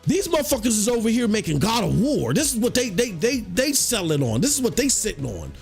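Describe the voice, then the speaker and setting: A man's voice: high-pitched, brisk, creaky, slightly rough, soft background music. A man hosting a casual gaming podcast, telling stories in slangy, profane talk and acting out quotes in a raised voice. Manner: animated storytelling, slangy, swears freely, acts out quotes in a raised voice. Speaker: podcast host.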